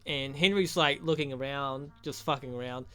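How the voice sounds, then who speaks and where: A man's voice: medium pitch, moderate pace, fairly bright tone, smooth, soft background music. A young man giving a rambling, profane, joking recap of a movie as a reviewer. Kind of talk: crude comedic movie recap.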